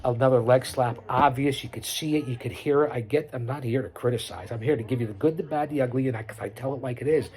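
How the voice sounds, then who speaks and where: A man's voice: medium pitch, fast, hardly any pauses, darkish tone. A middle-aged man hosting his own podcast, giving unscripted live commentary over a wrestling broadcast in a boastful, preachy way, repeating himself and rattling off lists. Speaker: podcast host doing wrestling watch-along commentary.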